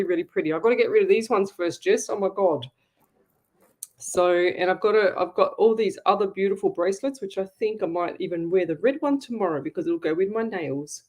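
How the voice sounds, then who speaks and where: A woman hosting a live psychic radio show, chatting casually and reading viewers' comments aloud. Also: medium pitch. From Australia. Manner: eats while talking. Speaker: psychic medium radio host.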